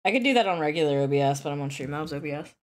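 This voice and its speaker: A woman's voice: sits low, lively intonation, rapid-fire. A woman streaming a game live, chatting casually, joking, laughing often and explaining things at length. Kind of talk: casual chat while playing a game live.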